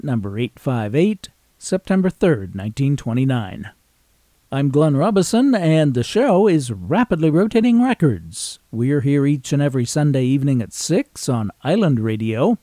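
A man hosting a radio show about old records, reading out record details in a measured way. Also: mid-range voice, mellow, no room sound. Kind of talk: scripted radio show narration.

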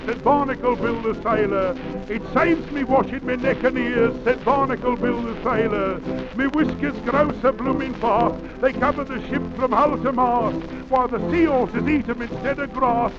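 A man's voice: very high voice, expressive, moderate pace. A man singing the part of a boastful, salty old sailor in a comic music hall style on an old 78 record. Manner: comic sung-spoken music hall delivery. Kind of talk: 1920s comic novelty record. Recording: dull lo-fi 78 rpm record with band.

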